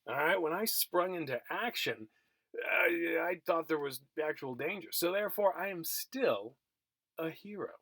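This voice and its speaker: In a dry recording, a middle-aged college geography instructor speaks at a measured pace in a fairly high, lively voice with vocal fry, pushed and bright. He's at home recording a remote lecture, telling a story in a chatty, self-mocking style with many fillers and restarts.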